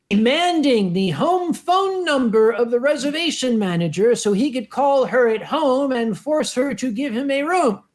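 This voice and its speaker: A man, a convention organizer, telling an anecdote on a panel and acting out the quotes with lively voices. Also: high voice. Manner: lively storyteller who acts out the quotes.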